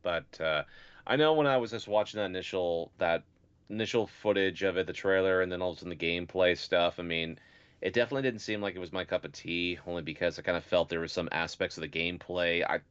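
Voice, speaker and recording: Deep-voiced rambling male podcast co-host. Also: quick pace, fairly bright tone, clean tone. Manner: rambling, hedging with "like" and "sort of", laughs often. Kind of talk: casual podcast chat. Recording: dull, lo-fi sound.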